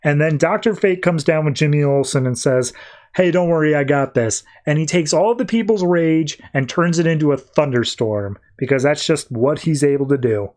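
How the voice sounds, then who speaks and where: A man's voice: fairly high pitch, darkish tone. Casual man recapping comics. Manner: retells dialogue in quick casual paraphrase with many "like"s. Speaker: podcast host.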